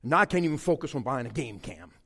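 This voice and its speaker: A man's voice: mid-range voice, animated, quick pace, pushed and bright. A middle-aged man, preaching a humorous storytelling sermon and acting out his own story with mock quotes and sounds. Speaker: pastor. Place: church sanctuary. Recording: long hall reverb.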